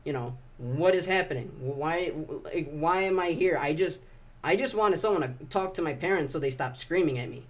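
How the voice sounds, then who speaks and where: Young man telling a painful story. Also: on the high side. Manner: halting, emotional, profane, many restarts. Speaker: vlogger. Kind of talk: personal confessional storytelling.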